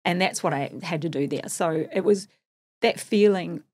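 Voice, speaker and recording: A husky-voiced middle-aged woman speaks candidly in a casual interview, joking at her own expense. Her voice sits a little low for a woman. The sound is dry and close. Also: moderate pace, darkish tone, dry recording. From New Zealand. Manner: candid, self-deprecating, chatty. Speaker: podcast guest.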